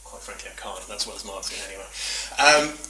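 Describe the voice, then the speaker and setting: A man's voice: fairly low pitch, expressive, quick pace, recorded from a distance, crowd noise. Man talking in an echoey room. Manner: chatty, self-deprecating, rambling asides. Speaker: conference speaker. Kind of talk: presentation talk.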